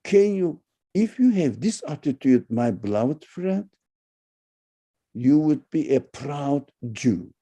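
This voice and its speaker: A man giving an online religious lecture and answering questions, emphatic, with loud high-pitched bursts and halting non-native phrasing. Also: big pitch swings.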